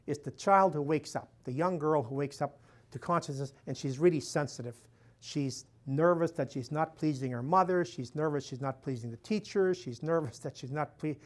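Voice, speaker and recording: An older man, a priest, giving a talk to a live audience in a folksy way, chuckling at his own jokes and filling in with "you know" and "and so on". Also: on the high side.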